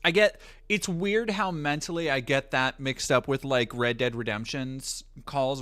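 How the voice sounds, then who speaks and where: A man's voice: medium pitch, a little slow, fairly bright tone, clear, resonant tone. A man streaming live, chatting casually, joking and swearing as he rambles.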